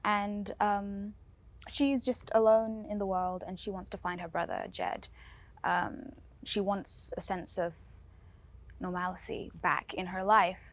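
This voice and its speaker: A woman's voice: mid-range voice, steady tone, takes it slowly. A young actress talking casually and a little hesitantly about her first role at a panel. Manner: casual, hesitant, lots of fillers. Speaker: actor. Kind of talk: panel discussion.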